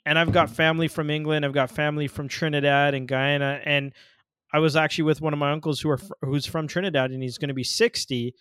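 A man's voice: a little high, fairly even intonation, quick pace, fairly bright tone, clear, resonant tone, studio quality. A man interviewing a guest, repeating key points back and asking follow-up questions. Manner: engaged, echoes and follows up on answers. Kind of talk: conversational interview.

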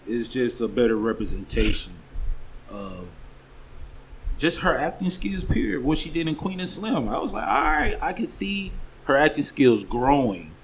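A man co-hosting a casual group podcast, laid-back and a little boastful, with drawn-out fillers. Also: medium pitch, very animated, slight background noise, rough recording. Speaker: podcast co-host.

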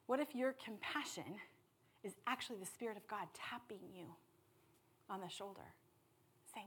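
A woman preaching a sermon with passion, dropping to hushed tones and then rising to loud appeals. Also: medium pitch, moderate pace, pauses often, slight background noise. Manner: impassioned, swings from hushed to loud.

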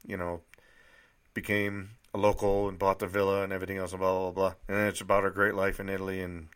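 A man's voice: low voice, monotone, fast, a bit bright, smooth. Man in his 30s from New Hampshire, a bit nasal, loose rambling delivery, amateur author reading aloud. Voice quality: slightly nasal. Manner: rambling, many fillers and restarts. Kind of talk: casual monologue and reading aloud. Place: dry indoor room.

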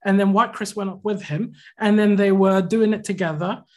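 A man's voice: high-pitched, moderate pace. A man co-hosting a podcast, casually telling a long anecdote and acting out what people said. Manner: animated anecdotal storytelling, acts out quotes. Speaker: podcast co-host. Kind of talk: casual storytelling chat.

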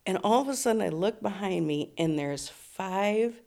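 Warm-toned and lively, with vocal fry and a medium pitch, a middle-aged woman spins a long personal story at a moderate pace. She's a storytelling guest in casual chat who laughs a lot, swears freely, and voices the people in her tale.

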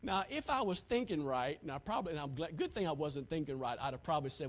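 A man pastor preaching a sermon, swinging from hushed asides to shouted points. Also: on the high side, expressive, quick pace, few pauses.

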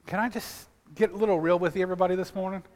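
A man's voice: high-pitched, steady tone, very fast, in a large hall. A man preaching a sermon as pastor, talking in a loose conversational way with restarts and repeated words, calling out to his congregation for responses. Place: church sanctuary.

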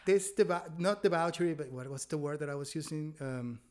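In Berlin, a stand-up comedian appears as a podcast guest for a casual chat, candidly rambling through stories about his dating life and laughing often. His voice is a little high, a little fast and darkish in tone.

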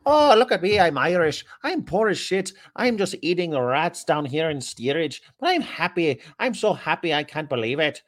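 A man mockingly voicing a poor, overly cheerful Irish ship passenger in a high, squeaky voice. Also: big pitch swings, moderate pace, hardly any pauses. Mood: mock giddy. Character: mocked poor Irish steerage passenger, giddy.

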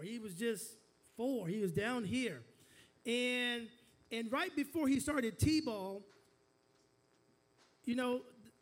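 A man preaching a sermon as pastor, telling a family story, stumbling into restarts and calling on the congregation to repeat after him. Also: extremely high pitch. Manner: storytelling with call-and-response to the congregation; frequent stammered restarts.

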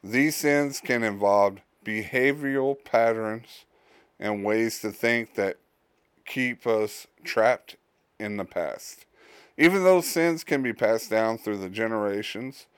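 Slow, smooth-voiced man podcasting. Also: on the low side, dry recording. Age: adult, a father. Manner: halting, many fillers and restarts. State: tired, yawning. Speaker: podcast host. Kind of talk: casual solo podcast monologue.

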